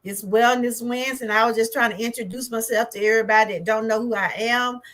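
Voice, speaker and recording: Southern woman, wellness vlogger, livestream chat, higher voice, chatty and exclaiming. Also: fairly even intonation, fast, a bit bright. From Georgia, US. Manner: chatty, exclaiming, talks back to her chat.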